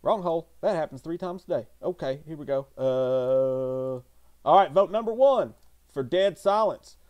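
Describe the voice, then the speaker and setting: A man co-hosts a live stream, bantering loosely and profanely with his partner. His voice sits a bit high and swings around animatedly. Now and then he hollers out to rally the viewers. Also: lively intonation, a little slow, clear, resonant tone, dull audio. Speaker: co-host of a live movie stream.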